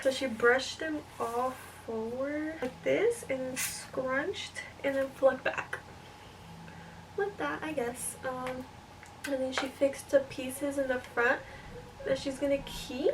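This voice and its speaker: A young woman talking casually as she styles her hair in a vlog, chatty and self-doubting, often thinking aloud and sometimes dropping to a soft whisper. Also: high voice, fairly even intonation, slow. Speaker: vlogger. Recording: distant mic, clear room noise.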